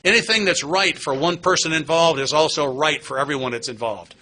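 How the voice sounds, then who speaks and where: A man's voice: on the high side, brisk, sharp tone. A middle-aged man giving a candid personal testimony at a recovery meeting, earnest and plain-spoken with touches of wry humor. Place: meeting hall.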